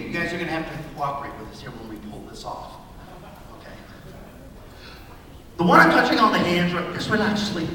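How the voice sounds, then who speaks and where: A male stage hypnotist talks his volunteers through slow, commanding suggestions. His voice sits fairly high and rings through a big, reverberant hall. It was caught from far back in the audience, with a loud crowd murmuring and laughing around it. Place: high school auditorium on stage. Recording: echoey auditorium taped from afar. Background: audience laughter and chatter.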